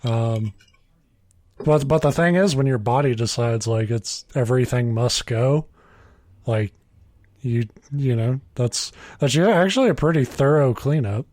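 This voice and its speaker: A man's voice: medium pitch, unhurried, darkish tone, dry recording. A man co-hosting a podcast, chatting casually with dry, self-mocking humor and frequent swearing. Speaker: podcast co-host. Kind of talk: casual rambling chat.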